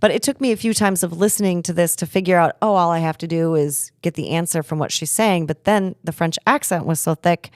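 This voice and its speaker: A middle-aged woman from Minnesota co-hosting a travel podcast, telling stories in an animated casual chat. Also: lowish voice, fairly quick, hardly any pauses, dry recording, clean studio sound. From Minnesota, USA. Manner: lively, animated storyteller.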